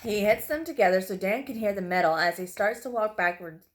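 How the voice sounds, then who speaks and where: A woman's voice: mid-range voice, brisk. A woman reading a horror story aloud, narrating with occasional slips she apologizes for.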